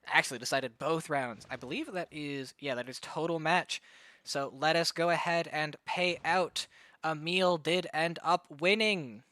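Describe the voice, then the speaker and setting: Hyped-up high-voiced male caster. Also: unhurried, no room sound. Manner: hyper, excitable play-by-play with bursts of shouting. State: out of breath. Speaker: tournament caster and streamer. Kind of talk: live esports commentary.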